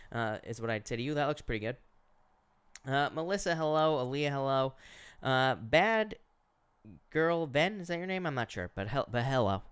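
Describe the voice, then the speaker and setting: A man with a smooth, clear voice runs a relaxed live-stream tarot reading. He talks casually, padding his answers with "uh" and easygoing asides as he greets viewers one by one. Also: medium pitch. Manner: casual, chatty, lots of filler "uh" and "is what I'd say". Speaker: tarot reader. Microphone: headset or earphones.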